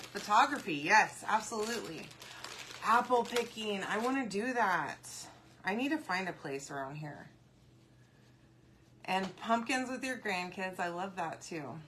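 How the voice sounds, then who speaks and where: A chatty woman with a slightly low voice walks viewers through a craft project in a loose, rambling way. She talks while she works and answers comments aloud as they come in. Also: noisy background. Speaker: craft video host. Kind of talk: casual crafting tutorial.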